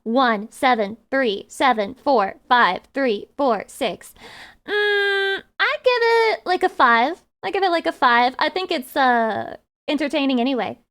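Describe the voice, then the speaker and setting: A woman's voice: sits high, lively intonation, unhurried, a bit bright. A woman streamer chatting casually with her viewers in a rambling way, full of restarts.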